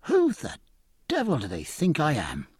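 A man's voice: fairly high pitch, wildly swooping pitch, normal speed, slightly rough, no room sound, studio quality, voice pushed up, full character voice. A man reading an audiobook, voicing a spirited, outspoken young woman who is scornful and impassioned. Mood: bitter. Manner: scornful, impassioned, sharp-tongued. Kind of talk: audiobook character voice.

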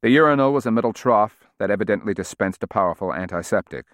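Deep-voiced male audiobook narrator. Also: animated, fast, no room sound, studio quality.

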